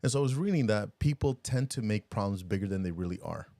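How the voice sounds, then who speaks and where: Low-voiced man, animated podcast co-host. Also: quick pace, no echo. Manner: animated, laughs often, rambling restarts. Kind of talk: casual chat.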